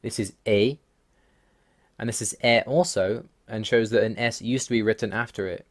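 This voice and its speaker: The voice is a man's, fairly low and steady, delivered briskly. He is a language-learning host narrating over slides, methodically listing each rule with a wry, slightly exasperated air.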